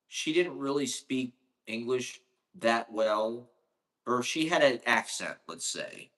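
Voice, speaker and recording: A man's voice: mid-range voice, bright, forceful tone. A man from Ohio delivering a casual, rambling monologue, profane and sarcastic.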